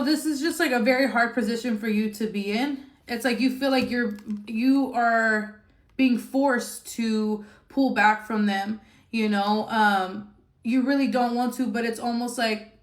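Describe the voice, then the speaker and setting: A woman giving a casual tarot reading, blunt and emphatic, swearing freely and using lots of fillers. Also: fairly high pitch. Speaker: tarot reader. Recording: echoey room.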